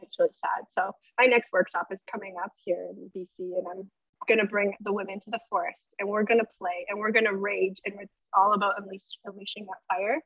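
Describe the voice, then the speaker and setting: A woman's voice: mid-range voice, little pitch movement, a little fast, fairly bright tone, dry recording. Podcast guest, woman, earnest and emotional; slightly lo-fi and dry recording. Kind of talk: casual interview chat. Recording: dull, slightly lo-fi sound.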